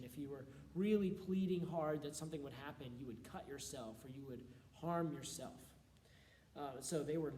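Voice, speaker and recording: A man, a youth pastor, reads a scripture passage aloud and breaks off now and then to explain it in a quick, offhand way. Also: a little high, dark tone, a little hiss or hum. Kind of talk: scripture reading with casual commentary. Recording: roomy echo.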